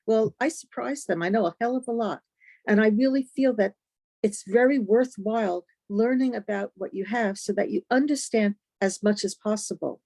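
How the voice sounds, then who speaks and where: A woman's voice: mid-range voice, moderate pace, a little mellow, dry recording. Blunt, determined woman panelist. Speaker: patient panelist. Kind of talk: panel discussion.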